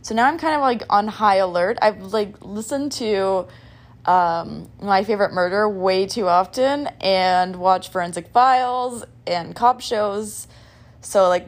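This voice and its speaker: A young woman hosting a casual podcast, rambling in a scattered, chatty way with lots of "like" and "um". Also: medium pitch. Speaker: podcast host.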